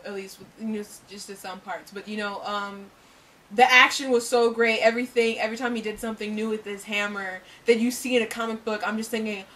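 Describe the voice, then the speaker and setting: A woman co-hosting a casual movie review chat, gushing and trailing off softly. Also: medium pitch, fairly even intonation, brisk, far from the mic, rough recording. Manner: gushing, trails off softly, bursts into loud impressions. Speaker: co-host of a movie review show. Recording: voice from away from the mic.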